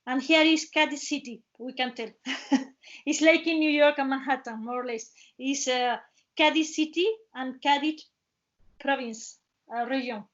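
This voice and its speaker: Woman host with an Andalusian accent, high voice, presenting over a dull, muffled video-call line in halting, restarting English. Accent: Andalusian Spanish. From Cádiz province, Spain. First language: Spanish. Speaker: webinar host and travel guide.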